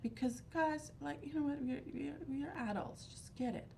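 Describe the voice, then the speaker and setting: A woman's voice: high voice, a little fast, gravelly, darkish tone, slight background noise. A woman in her thirties hosting a livestream, talking in a rambling, candid and exasperated way. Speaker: livestream host of a fragrance group. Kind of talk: casual chat.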